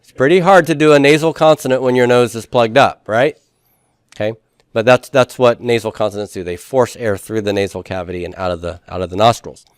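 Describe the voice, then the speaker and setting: A man's voice: mid-range voice, a little fast, clean tone, no echo, studio quality. A man teaching a classroom lecture, explaining step by step and checking in with the students, with the odd playful joke. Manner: explains step by step, often checks understanding with "right?" and "okay?"; playful with jokes and puns. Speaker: Greek teacher.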